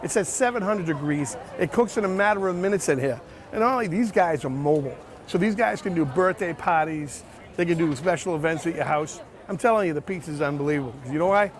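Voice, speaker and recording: High-voiced man hyping street food. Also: a little fast. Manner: chatty, enthusiastic food tasting. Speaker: vlog host. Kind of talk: casual festival food vlog. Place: outdoor street festival.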